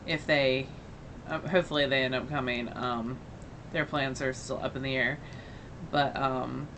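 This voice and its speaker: A woman's voice: rumbling low, steady tone, moderate pace, noisy background. A woman co-hosting a podcast, chatting casually in a rambling way, with a slight mix of Northern and Southern US accent. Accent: slight mixed Northern and Southern US. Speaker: podcast co-host. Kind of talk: casual chat.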